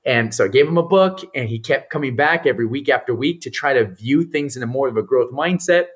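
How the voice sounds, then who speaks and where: A man tells a story as a podcast guest with a slightly husky, grainy voice. His pitch swings widely as he acts out the people in his story. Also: a little fast. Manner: animated storyteller who acts out the people he quotes. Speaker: guest, mental performance coach.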